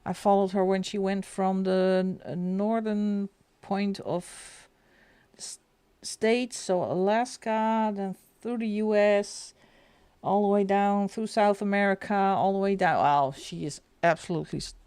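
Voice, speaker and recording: This middle-aged woman from the Netherlands rambles through a casual coloring livestream, answering chat and laughing often. Her mid-range voice is unhurried, fairly even in intonation, a little mellow, and clear and resonant, with no room sound.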